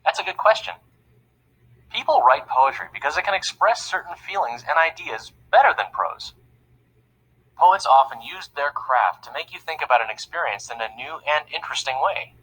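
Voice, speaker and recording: A man's voice: on the high side, sing-song, normal speed, pushed and bright, slightly rough, exaggerated voice, poor audio. A man voicing a friendly young male narrator of an educational cartoon, upbeat and chatty as he explains things plainly.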